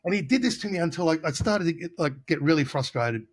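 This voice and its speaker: A man's voice: fairly high pitch, lively intonation, quick pace. A middle-aged man from Australia, a guitarist telling casual studio anecdotes in an interview, acting out the voices of people he quotes. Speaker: guest guitarist.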